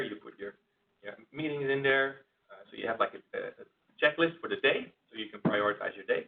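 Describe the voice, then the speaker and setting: A man giving an informal presentation at an internal company event, talking conversationally with frequent restarts. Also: medium pitch. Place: meeting room. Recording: distant, phone-like tinny sound.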